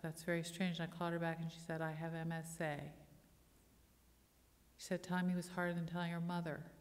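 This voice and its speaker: A middle-aged woman pastor preaching a sermon, telling personal stories and leading the congregation in call-and-response. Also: lowish voice. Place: church sanctuary. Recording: long church reverb.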